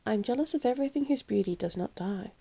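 A woman's voice: fairly high pitch, expressive, quick pace, creaky, mellow. A woman voicing a vain young man who is pleading with passion in an audiobook. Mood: anguished. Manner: impassioned, pleading. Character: vain young man in anguish over aging.

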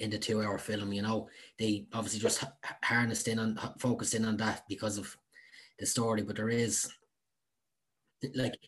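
Husky co-host. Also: male voice, lowish voice. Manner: earnest, stumbling restarts. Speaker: podcast co-host. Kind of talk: casual film-review chat.

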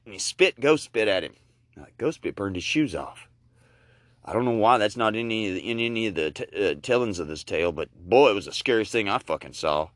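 A man's voice: low-pitched, sing-song, a little fast, fairly bright tone, dry recording, studio quality. A man telling a comic story as a rambling, crude, folksy character, full of asides. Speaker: podcast host doing a comic storyteller character.

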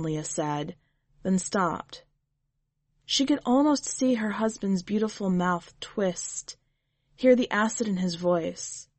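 A woman reading a short story aloud in a measured, unhurried way, as a podcast editor and reader. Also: mid-range voice, expressive, no echo. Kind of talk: scripted narration.

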